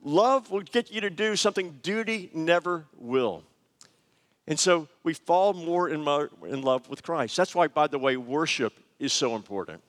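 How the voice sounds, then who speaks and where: A middle-aged man preaching a sermon, telling personal stories in a conversational, animated way with frequent fillers. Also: a little high. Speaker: pastor. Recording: long hall reverb.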